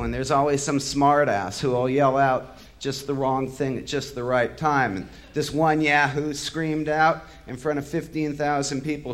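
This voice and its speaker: This mid-range male voice holds a steady tone and moves a little slowly through a sardonic, bitter spoken-word monologue. He cusses freely and gets heated, working up to angry eruptions.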